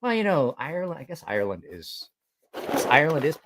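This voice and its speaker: A man's voice: fairly high pitch, big pitch swings, fast talker, background noise. A man casually telling a story to his stream viewers, rambling and swearing, on a sensitive mic with headphones. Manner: rambling, swears freely, many restarts and laughs. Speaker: live streamer.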